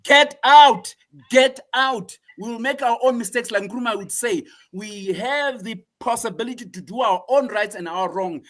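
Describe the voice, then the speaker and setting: A man with a notably high voice delivers fiery political commentary as a show guest. He preaches with raw passion and keeps coming back to the same phrases, his pitch climbing high for emphasis. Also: normal speed, few pauses.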